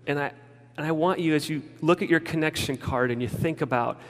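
A man's voice: a little high, brisk, faint music behind. A man preaching a casual, story-driven sermon as a pastor, often restarting his sentences. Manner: informal storytelling with frequent restarts. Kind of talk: conversational sermon. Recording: long reverb of a large hall.

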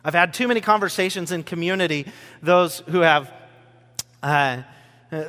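A man's voice: a little high, sharp tone. A man preaching a sermon as pastor, talking conversationally and joking with his congregation in a church hall. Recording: long church-hall reverb.

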